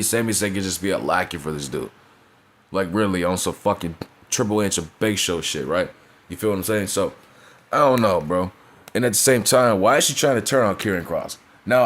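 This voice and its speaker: Man, lower register, casual ranting reviewer, blunt and foul-mouthed, heavy slang. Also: fairly bright tone. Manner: blunt, profane, slangy, with frequent "you feel me" asides. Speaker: wrestling reviewer.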